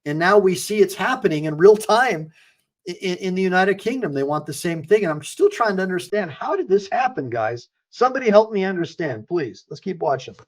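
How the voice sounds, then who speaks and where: A man's voice: sits high, sing-song, a little fast. A man hosting a livestream as an attorney, ranting through heated rhetorical questions. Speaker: attorney and online show host. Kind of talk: livestream political commentary.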